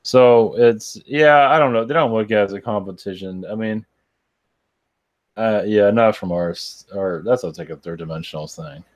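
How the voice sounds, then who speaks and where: A man with a deep, low voice answers viewers' questions live as a channeler. He sounds tired and talks in a loose, halting way, with many fillers and restarts. The recording is dry and close. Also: no room sound. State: tired, yawning. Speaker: spiritual channeler.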